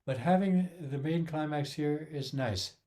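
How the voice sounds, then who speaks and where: Slow, mellow-voiced man teaching music. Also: fairly high pitch. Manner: counts beats aloud and hums rhythms. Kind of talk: casual music lesson.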